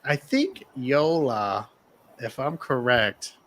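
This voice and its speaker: A man's voice: mid-range voice, wildly swooping pitch, takes it slowly, a bit bright, a little hiss or hum, low-quality recording. A man hosting a casual podcast chat, joking crudely with his co-hosts and often restarting his sentences. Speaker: podcast host.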